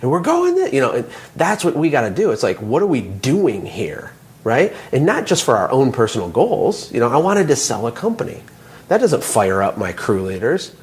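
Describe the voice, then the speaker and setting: A man's voice: medium pitch, normal speed. Motivational businessman telling stories. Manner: animated, motivational storytelling. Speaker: guest, small business owner and coach. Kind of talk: casual interview talk.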